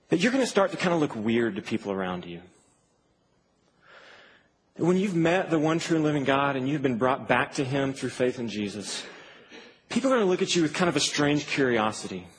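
High-voiced earnest male preacher. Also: slight background noise, low-quality recording. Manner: earnest, emphatic preaching with swings from soft to loud. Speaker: campus ministry preacher. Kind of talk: sermon.

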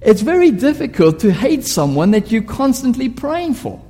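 A man's voice: extremely high pitch, sing-song, moderate pace, warm tone. A male preacher giving a sermon, telling stories vividly and asking rhetorical questions. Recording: long hall reverb.

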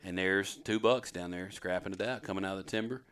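The host's voice sits low yet sounds a bit bright, clear and resonant, and he speaks briskly. He's a middle-aged hunter and father hosting a hunting video, rambling chattily through the story to camera and quizzing his sons.

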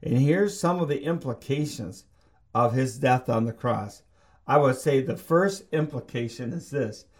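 A man preaching a sermon, reading scripture aloud and slowing down to stress his points earnestly. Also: mid-range voice. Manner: earnest, emphatic, slows for stress.

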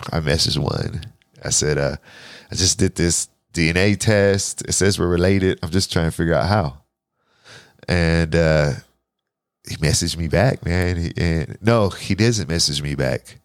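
A man in his forties shares his life story as a podcast guest, his voice sitting very low. He talks casually and animatedly, acting out his own past lines and swearing freely. The recording is close and dry. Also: moderate pace, dry recording. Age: 40s. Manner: animated, profane, restarts and quotes himself.

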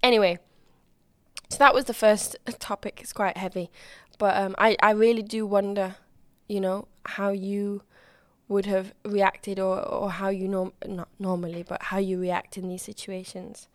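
A young woman runs her own podcast in a chatty, bubbly style, restarting her sentences as she goes. Her voice is loud and high-pitched and jumps up further when she gets excited. The sound is close and dry, with no room echo. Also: unhurried. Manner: bubbly and chatty, with frequent restarts and acted-out quotes. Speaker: podcast host. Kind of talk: casual solo podcast chat.

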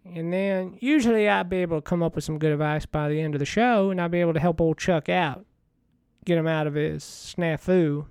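A man in a rambling comedic monologue as a washed-up TV money-show host, folksy, meandering and deadpan. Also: on the high side, a little fast, clear, resonant tone, no echo, studio quality.

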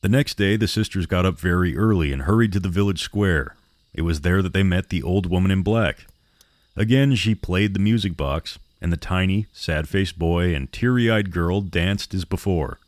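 A man narrating a horror story for a podcast in a measured, steady way. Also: low-pitched, no echo.

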